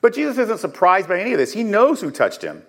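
A man's voice: high voice, huge pitch swings, fast, gravelly, a bit bright. A man preaching a sermon, telling the story earnestly and with open emotion. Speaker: pastor.

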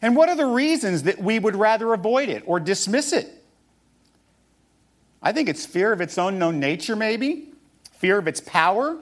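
Higher-voiced male pastor preaching. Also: sing-song, normal speed, long pauses. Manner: teaching, rhetorical questions, reads scripture aloud. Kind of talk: sermon.

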